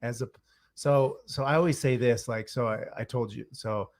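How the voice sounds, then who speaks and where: A man's voice: medium pitch, fairly even intonation, moderate pace, a little mellow. A man hosting an interview, mostly chiming in with short agreements. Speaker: interview host. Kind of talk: conversational interview.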